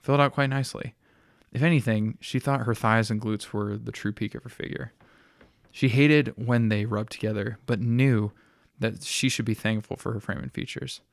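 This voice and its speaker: A man reading a story aloud in a steady, plain narrating style. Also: on the low side, moderate pace, creaky, no echo, studio quality.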